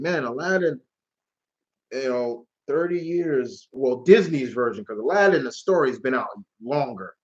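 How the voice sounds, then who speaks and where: A man's voice: medium pitch, lively intonation, unhurried, breathy edge, highs cut off. A man hosting a live question-and-answer stream, chatting casually and rambling, with free swearing. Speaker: channel host.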